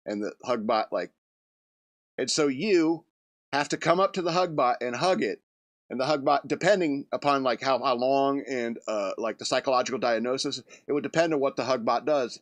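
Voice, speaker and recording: A man's voice: mid-range voice, lively intonation, normal speed, dry recording. Rambling, chuckling male radio host. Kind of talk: rambling comedic monologue.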